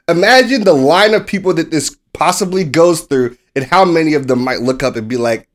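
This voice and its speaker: An American man co-hosting a sports podcast, telling a story in a casual, animated way and acting out the people he quotes. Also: fairly high pitch, a little fast, hardly any pauses. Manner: swears casually. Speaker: podcast co-host.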